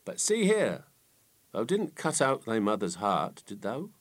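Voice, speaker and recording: A man's voice: fairly low pitch, huge pitch swings, measured pace, exaggerated voice. A man voicing a young country lass who talks plainly and reassuringly in rustic dialect.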